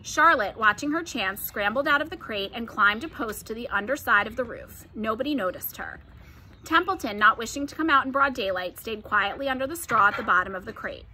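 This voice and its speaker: A woman reading a children's book aloud in a gentle, expressive storytelling manner. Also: a little high, brisk, slight background noise. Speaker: storybook reader.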